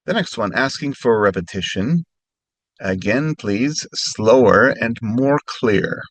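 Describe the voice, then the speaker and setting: A man teaching phrases as a language lesson, speaking slowly and carefully and repeating each phrase more slowly. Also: mid-range voice, lively intonation, no echo. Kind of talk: instructional narration.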